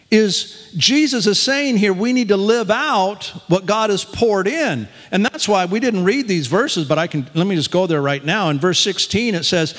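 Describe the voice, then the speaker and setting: Older male pastor, chuckling, folksy delivery, animated pitch, echo of a big room. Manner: folksy, self-deprecating, chuckling. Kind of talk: sermon.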